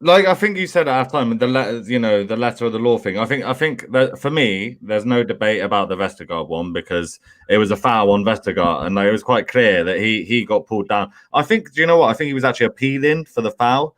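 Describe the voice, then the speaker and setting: A man co-hosting a fan chat after a match, talking in a measured, hesitant way. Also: lowish voice, expressive, a bit bright. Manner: measured, hesitant, lots of ums. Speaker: fan channel co-host.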